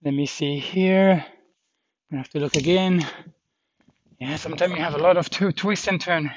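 A man with a slightly higher voice rambles through a walking vlog on an outdoor trail, pausing and filling gaps as he goes. The recording sounds dull and lo-fi. A faint hiss sits underneath. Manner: rambling, halting, many fillers. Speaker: walking pilgrim vlogger.

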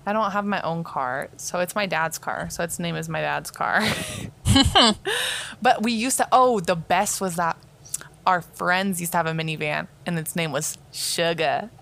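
A young woman chatting on a podcast with a bright, forward tone. She giggles a lot and swears casually. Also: on the low side, unhurried, creaky. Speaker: podcast co-host.

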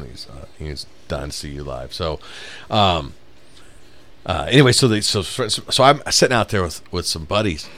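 A man's voice: low-pitched, a bit bright, a little hiss or hum. A man casually telling a rambling, profane story on a podcast, laughing as he goes. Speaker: podcast host.

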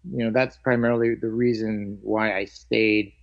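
A man who teaches martial arts, telling stories of his training in an animated way and acting out the lines of others. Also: lowish voice, normal speed, vocal fry. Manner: animated, acts out quoted lines. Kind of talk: storytelling in a conversation. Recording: dull lo-fi audio.

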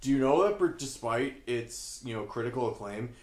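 A man's voice: medium pitch, animated, normal speed. Rambling man sharing trivia in an echoey room. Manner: rambling, self-correcting, trivia-minded. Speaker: podcast co-host. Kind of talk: casual comedic chat.

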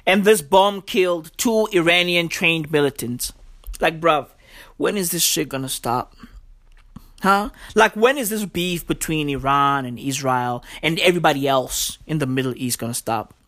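A man ranting about the news in a profane, excitable comedic vlog, packed with slang. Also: sits high. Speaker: vlogger.

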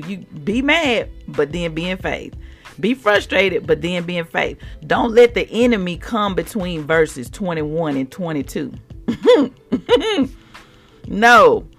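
A woman hosting a devotional faith podcast, talking in an animated, expressive way and acting out what people say. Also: mid-range voice. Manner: animated, expressive, acts out quotes. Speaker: podcast host.

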